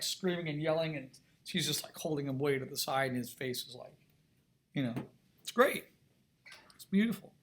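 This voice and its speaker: A man's voice: on the high side, fairly bright tone. A man teaching an art lesson in an enthusiastic, conversational way, often asking his students questions. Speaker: art instructor. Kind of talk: recorded video lesson.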